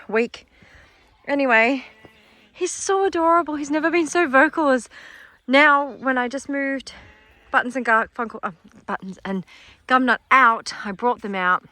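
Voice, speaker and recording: A middle-aged Australian woman vlogging her animal sanctuary outdoors on a phone, chatting warmly and cooing at the animals. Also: dry recording. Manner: chatty, affectionate, talks to the animals in a high baby voice. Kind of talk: casual vlog narration while filming. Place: outdoors on a farm, in paddocks with animals. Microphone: handheld phone camera, voice shifting closer and farther.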